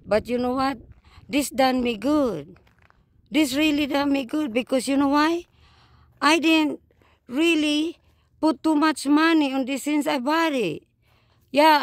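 A woman's voice: high-pitched, no room sound. An older woman with a Filipino accent, a truck driver vlogging casually outdoors at a campground and talking straight to her viewers. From Philippines. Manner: upset, talks straight to viewers with repeated "guys" and "okay". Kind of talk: casual vlog walkthrough. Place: outdoors at a campground, then inside a small home.

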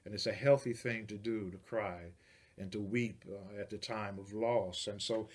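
A man, a pastor, preaching a sermon, moving from quiet storytelling to loud, rising declarations. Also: fairly low pitch, steady tone, normal speed.

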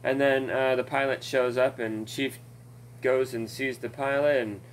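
A man ranting casually at home on a desk mic, drawling slowly through a stream of fillers. He swears freely as he rambles along, with a faint hum of noise behind him. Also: medium pitch, little pitch movement, low-quality recording. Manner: rambling and profane, with many fillers and laughs. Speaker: gaming commentator.

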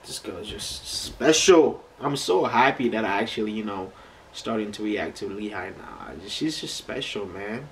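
A man's voice: medium pitch, expressive, normal speed, a bit bright, a little hiss or hum, low-quality recording. A man hosting a casual reaction video, talking in an emphatic, slangy way and repeating phrases.

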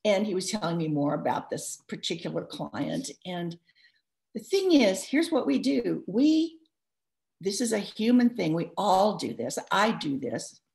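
A woman author giving advice in a live interview, talking in a lively, rambling way full of restarts and asides. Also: mid-range voice, unhurried, vocal fry. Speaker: author discussing her book.

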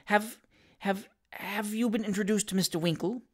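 A young lady in a storybook reading, soft and coaxing. A reader puts her on, quieter than the narration and gentle. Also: medium pitch, lively intonation, measured pace, natural voice.

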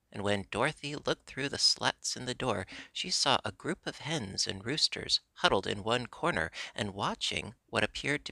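A man reading a children's storybook as steady, even narration. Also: fairly low pitch, gravelly, no echo. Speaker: audiobook reader. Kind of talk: scripted narration.

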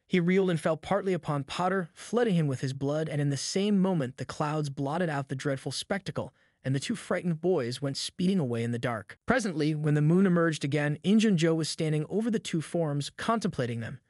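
A man reading a novel aloud in steady, measured audiobook narration. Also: a little high, no echo, clean studio sound.

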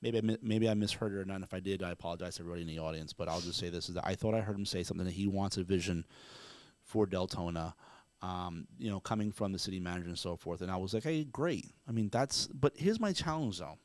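This podcast co-host is a man with a low voice who talks fast, with no echo. He delivers casual ranting commentary emphatically and with profanity, acting out mock quotes along the way.

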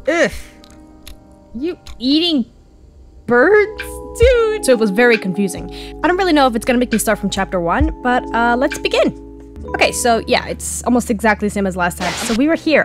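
A young woman hosting a gaming channel, chatting animatedly and reading the game's text aloud as she plays. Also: on the high side. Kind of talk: let's play commentary.

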